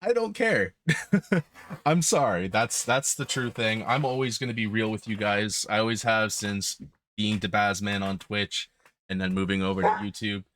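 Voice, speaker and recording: A man's voice: fairly low pitch, flat delivery, normal speed, a bit bright, slight background noise. A man hosting a podcast, talking casually and bluntly with frequent ums. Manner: blunt, candid, with filler ums. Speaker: podcast host.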